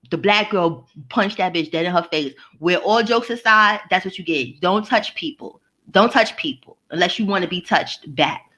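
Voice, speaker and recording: A woman's voice: mid-range voice, a bit bright. A woman vlogger ranting casually to her live chat, profane and mocking, answering viewers by name.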